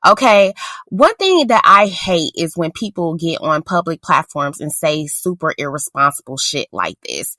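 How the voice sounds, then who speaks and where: A woman's voice: low-pitched, sing-song, moderate pace, sharp tone, dry recording. A woman co-hosting a podcast in casual chat, blunt and sarcastic, often laughing as she talks. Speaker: podcast co-host.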